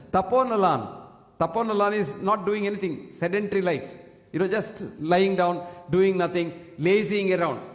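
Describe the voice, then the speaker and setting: A man giving an emphatic public health talk to an audience, standing at a single microphone and often asking the listeners questions. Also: sits high. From India. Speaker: speaker addressing an audience. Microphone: single fixed microphone, standing. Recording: echoey hall with long reverb.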